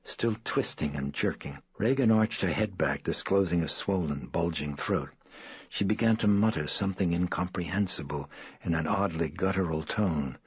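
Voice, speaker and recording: A man reading an audiobook in a measured, somber way. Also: breathy edge, dry recording. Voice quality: very deep. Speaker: audiobook narrator. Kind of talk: scripted narration. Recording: dull dry studio read.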